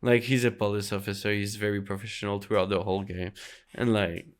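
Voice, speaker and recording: Low smooth-voiced man chatting games. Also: a little fast. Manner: relaxed, fillers and hedges. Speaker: podcast co-host. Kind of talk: casual gaming news chat.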